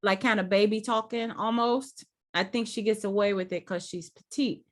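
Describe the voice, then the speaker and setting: A woman in her forties co-hosting a casual podcast chat, expressive, with quick laughs and short asides. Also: mid-range voice. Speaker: podcast co-host.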